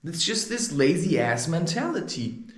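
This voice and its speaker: A man in a ranting vlog monologue, heated and animated, with his pitch swinging widely. The room around him rings with a noticeable echo. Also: unhurried. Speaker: spiritual advice vlogger.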